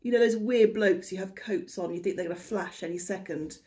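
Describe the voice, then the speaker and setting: A woman's voice: mid-range voice, fairly quick, warm tone. A British woman in her fifties, chatting to camera in a rambling, self-deprecating way and often laughing at her own tangents. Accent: British English. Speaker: haul vlogger. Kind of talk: rambling casual chat to camera.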